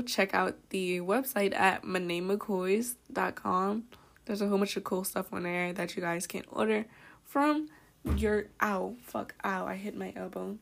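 A young woman talks into her podcast mic at a middle pitch. She tells a story from home in an animated, casual way, with quick laughs, swearing and a lot of "like". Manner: animated, laughing, profane, lots of "like". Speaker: podcast host.

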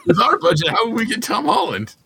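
A man's voice: extremely high pitch, huge pitch swings, creaky, sharp tone, slightly rough, no room sound. Man cracking crude jokes on a podcast. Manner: jokey, quick with crude punchlines. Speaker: podcast co-host. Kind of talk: casual comedy podcast chat.

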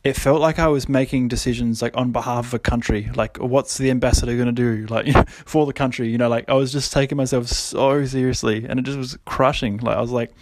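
A man's voice: medium pitch, fairly even intonation, brisk, hardly any pauses, no echo. Young aussie bloke rambling on his podcast, lots of um and like, dry close sound. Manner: rambling, lots of fillers, laughs often. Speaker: podcast host. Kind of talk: casual podcast monologue.

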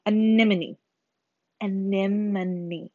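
A woman's voice: medium pitch, steady tone, measured pace, dry recording. A teenage girl in a rambling, swearing, self-mocking chat to camera. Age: teens. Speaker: vlogger. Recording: slightly dull lo-fi sound.

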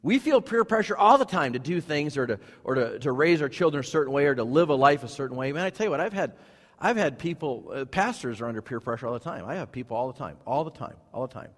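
A man's voice: lively intonation, fast talker. Man preaching a sermon in a reverberant church. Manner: emphatic preaching with repeated phrases and sudden rises in pitch and volume. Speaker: pastor. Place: church sanctuary. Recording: long hall reverb.

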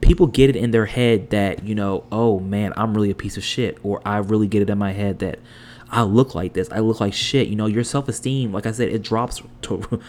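A podcast host in his twenties delivers a blunt personal monologue that spills into heated, profane rants. His voice is lowish and a little mellow.

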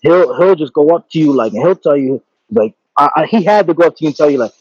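A man co-hosting a podcast, talking in a relaxed, slangy way about family. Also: a little high, fast talker, slightly rough, no echo, lo-fi sound. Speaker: podcast co-host. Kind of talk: casual family chat.

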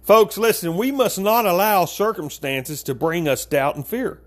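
A man preaching an informal sermon, talking straight to his listeners as folks, with big swings in pitch. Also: animated, measured pace.

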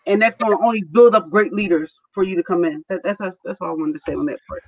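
An earnest guest speaks to school leaders on a casual podcast, pausing often with "you know" and restarting phrases. The voice sits at a middle pitch and sounds close and dry. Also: dry recording, poor audio.

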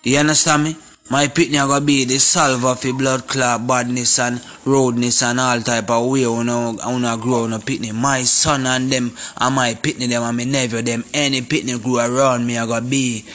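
A man's voice: medium pitch, flat delivery, moderate pace. A man with a Jamaican accent giving a confrontational, preachy monologue in patois. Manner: forceful and confrontational. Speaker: vlogger. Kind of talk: impassioned monologue to camera.

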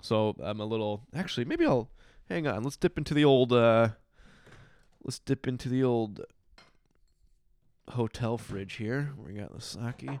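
A man in his thirties talks to his podcast from a hotel room, slightly tipsy and yawning. He rambles and restarts, then breaks into emphatic outbursts. His voice is smooth and resonant, recorded dry and close. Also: medium pitch, measured pace, pauses often, a little mellow, dry recording. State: drowsy and a little tipsy, yawning. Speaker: podcast host. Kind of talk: casual solo podcast monologue.

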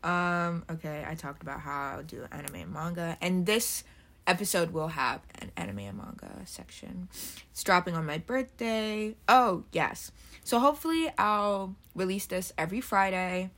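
Lowish chatty young woman podcaster. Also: expressive, moderate pace, a bit bright. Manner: chatty, swears freely, rambling asides. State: throaty from just waking up. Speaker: podcast host. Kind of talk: casual solo podcast rambling.

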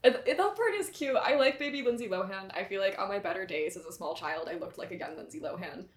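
A woman's voice: medium pitch, expressive, fast talker. Chatty woman podcaster, echoey room. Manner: chatty, easygoing, fond of hedging. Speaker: podcast co-host. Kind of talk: casual chat. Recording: roomy echo, rough podcast audio.

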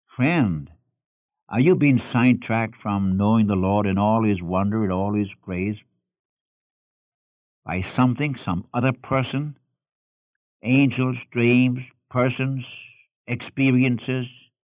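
A man preaching at a middle pitch, reading scripture aloud and then pressing his listeners with direct questions. The recording is dry and close, with no room sound around his voice. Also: steady tone, slow, long pauses, darkish tone, dry recording. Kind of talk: expository sermon.

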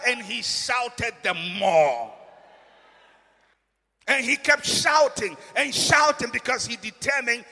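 Preacher man, high and gravelly, dramatic sermon, long hall reverb. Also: animated, takes it slowly, pauses often. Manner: dramatic, swings from soft to shouting.

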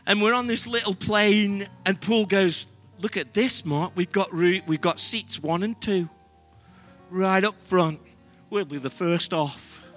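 A man's voice: high voice, a bit bright. An English man preaching a sermon, telling humorous, self-deprecating travel stories to his congregation. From Britain. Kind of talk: sermon with storytelling.

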